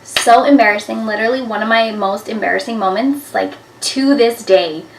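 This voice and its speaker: A woman in her twenties telling embarrassing stories to camera in a chatty, animated way, with lots of "like" fillers. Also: a little high, moderate pace, noisy background. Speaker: vlogger. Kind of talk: casual storytelling to camera. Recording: echoey room, a bit far from the mic.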